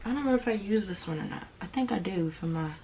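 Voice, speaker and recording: A young woman chatting casually with her cousin, mostly giving relaxed, brief replies that agree with her. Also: medium pitch, racing, poor audio. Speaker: vlogger's cousin. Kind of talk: casual chat.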